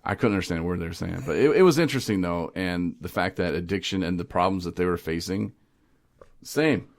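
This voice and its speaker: A man with a very low, deep voice hosts a casual podcast. He tells stories in an animated, lively way, laughs often and slips into other voices as he goes. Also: fairly quick, gravelly. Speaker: podcast host. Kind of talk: casual recovery podcast chat.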